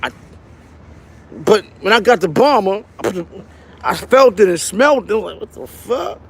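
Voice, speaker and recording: A middle-aged man with a New York accent and a notably high, light voice, spinning a story from his Brooklyn neighborhood. He talks in loose street slang, animated and quick to act out what others said. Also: husky. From Brownsville, Brooklyn. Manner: animated, slangy, acts out quotes with raised voice. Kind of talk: casual storytelling.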